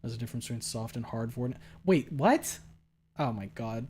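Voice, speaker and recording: Young male streamer, casual and jokey, rambling chat with viewers, loud bursts and low mutters. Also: moderate pace, slight background noise. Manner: jokey and rambling, swings between loud excited bursts and low mumbled asides.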